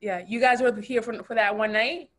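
Woman co-host telling a lively story. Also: a little high, normal speed. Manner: lively storyteller, quotes others. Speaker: podcast co-host. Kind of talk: casual chat.

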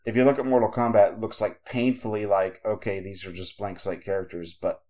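With a warm, fairly low voice and a level tone, a podcast co-host talks fairly quickly. His casual chat rambles along, thick with filler words.

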